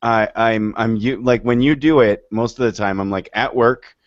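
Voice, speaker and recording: A father chatting on a group video call, halting and stammering through restarts, on slightly muffled call audio. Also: medium pitch, steady tone, dry recording. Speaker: parent. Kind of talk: casual group video chat.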